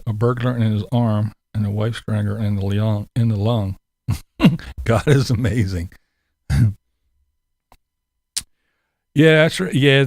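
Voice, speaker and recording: A man's voice: medium pitch, darkish tone, dry recording, studio quality. A man chatting casually with his online viewers, laughing through most sentences and swearing while he mocks. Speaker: livestream host answering chat. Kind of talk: casual commentary chat.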